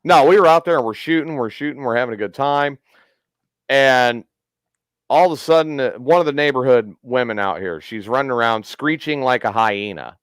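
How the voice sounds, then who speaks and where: A man's voice: medium pitch, moderate pace, clear, resonant tone, no room sound. A man hosting a casual podcast, telling a long profane story and acting out the quotes. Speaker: podcast host.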